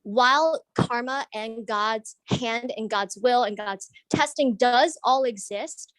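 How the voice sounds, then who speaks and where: A woman's voice: fairly high pitch, dry recording, rough recording. A woman earnestly asking a long question in an online group discussion, thinking aloud with restarts as she searches for words. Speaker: audience member asking a question.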